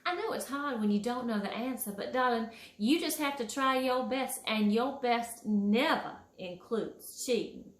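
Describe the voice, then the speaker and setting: Woman playing a Southern-drawling manners fairy, sugary and prim, high voice, echoey room. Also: a little slow, few pauses, natural voice. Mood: sweet scolding. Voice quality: honeyed, gently scolding, calls kids pet names. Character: sweet, prim female fairy who teaches manners.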